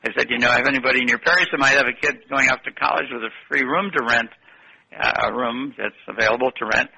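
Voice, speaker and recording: A man's voice: medium pitch, fairly even intonation, fast talker, creaky, sharp tone, breathy edge, poor audio. An older man telling long, rambling stories in an interview and correcting himself as he goes. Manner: rambling, anecdotal, self-correcting. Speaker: guest. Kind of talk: interview storytelling.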